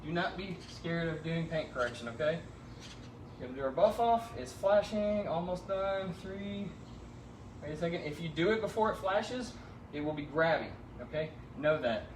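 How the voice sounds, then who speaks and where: A man's voice: fairly high pitch, roomy sound, distant mic, a little hiss or hum. A man who is an auto detailer, giving a live how-to demonstration outdoors in the hot sun. He is out of breath from the heat and keeps checking in with viewers as he coaches them through each step. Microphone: phone camera.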